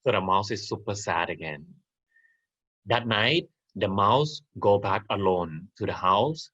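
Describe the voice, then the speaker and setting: A man's voice: lowish voice, expressive, measured pace, fairly bright tone, muffled recording. A man teaching an online class, telling a farmyard story and asking his listeners questions as he goes. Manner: interactive, asks the audience questions.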